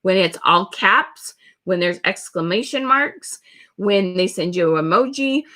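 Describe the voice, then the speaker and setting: A woman teaches a sales webinar. Her voice is bright and clear. She drives each point home by repeating words over and over. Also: mid-range voice, expressive, measured pace. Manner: emphatic, repeats words for stress. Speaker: social media sales coach.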